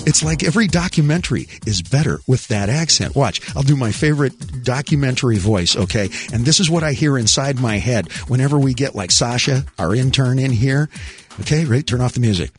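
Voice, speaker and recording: A man hosting a talk radio show, wisecracking and animated with rhetorical questions. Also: mid-range voice, a little fast, faint music behind.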